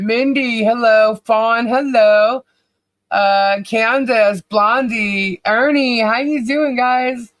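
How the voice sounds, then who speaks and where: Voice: medium pitch, fairly bright tone, no room sound. A podcast co-host chatting casually on a livestream, cheerfully calling out viewers' names and laughing often.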